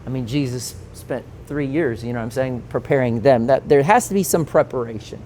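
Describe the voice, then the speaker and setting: A man in his forties, a pastor teaching a conference session, telling stories with lively acted-out quotes and frequent laughter. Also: mid-range voice, a little fast, a little hiss or hum. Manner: animated storytelling, acts out quoted voices, laughs often.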